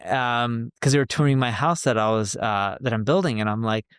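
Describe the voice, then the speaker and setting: A man in his forties chats casually on a podcast, recounting a personal story and quoting what others said. His voice sits at an ordinary middle pitch and is recorded close and dry, with no room sound. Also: normal speed, clean tone, no echo. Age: 40s. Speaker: podcast co-host. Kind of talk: casual chat.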